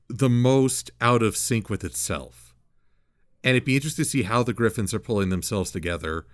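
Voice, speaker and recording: A man hosting a casual chat, playful and jokey with animated asides. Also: medium pitch, dry recording, studio quality. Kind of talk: casual video-call chat.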